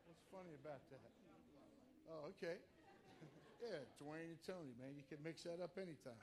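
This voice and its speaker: Male preacher, slightly higher voice, lively, swings quiet to loud. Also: normal speed, crowd noise. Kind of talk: sermon.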